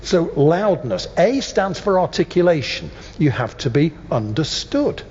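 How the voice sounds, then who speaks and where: Male voice coach, animated delivery with weighty pauses, dull recording in a reverberant training room. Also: on the high side, slightly rough. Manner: emphatic, deliberate pauses. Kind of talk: workshop teaching.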